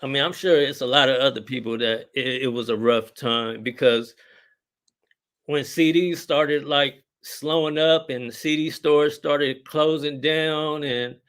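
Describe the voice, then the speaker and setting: Middle-aged male rapper guest, relaxed and rambling, slangy, mid-pitched. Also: a little slow, clear, resonant tone. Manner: laid-back, rambling, heavy on filler words and slang. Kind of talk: casual podcast interview.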